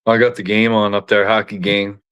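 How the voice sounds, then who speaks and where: A man's voice: on the low side, flat delivery, fairly quick, a bit bright, clear, resonant tone. A man from Canada hosting a casual chat, laid-back and swearing freely.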